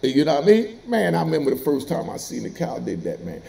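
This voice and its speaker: A middle-aged man tells prison stories in a loose, streetwise monologue. His gravelly voice swings widely up and down and sits a little higher than most men's, and he often breaks into laughter mid-story. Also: quick pace. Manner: animated, streetwise, laughs while telling. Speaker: former prisoner telling stories.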